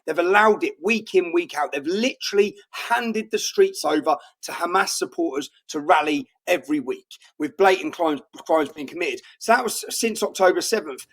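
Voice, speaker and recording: A man's voice: on the high side, expressive, normal speed, few pauses. A middle-aged British man speaking in a heated interview, indignant and emphatic, often repeating himself. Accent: British English. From England. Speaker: guest.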